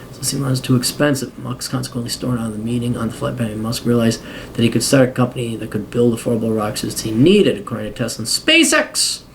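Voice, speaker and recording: A man reads a biography aloud, rattling through the facts. He keeps interrupting himself with sarcastic, foul-mouthed commentary, and his voice sits at an ordinary middle pitch. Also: lively intonation, fast, a little hiss or hum. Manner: sarcastic, profane running asides. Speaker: podcast host.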